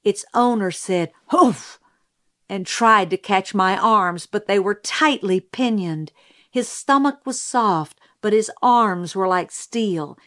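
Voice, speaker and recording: A woman narrating an audiobook in a measured, steady storytelling manner. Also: mid-range voice.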